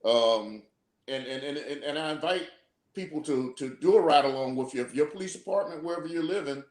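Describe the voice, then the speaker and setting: A former police officer explains things steadily on a live video call for a talk show discussion, often repeating his words. His voice is on the high side and a little fast, recorded in an echoey room.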